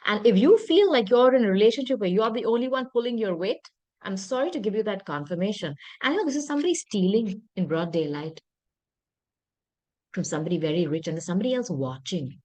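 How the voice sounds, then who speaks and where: A woman's voice: medium pitch, lively intonation, fast, a little mellow. A woman giving a tarot reading, talking earnestly to her viewers and often apologizing or thinking aloud. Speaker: tarot reader.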